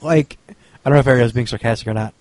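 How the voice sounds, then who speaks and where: A man's voice: medium pitch, fast, a little mellow, dry recording. A man co-hosting a podcast, bantering casually and joking, with frequent stammered restarts. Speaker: podcast co-host.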